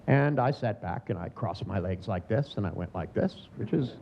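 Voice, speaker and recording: A man's voice: lowish voice, animated, moderate pace, creaky. A man in his sixties giving a humorous seminar lecture, sardonic in tone and acting out the voices he quotes. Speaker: seminar trainer. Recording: dull lo-fi recording with faint noise.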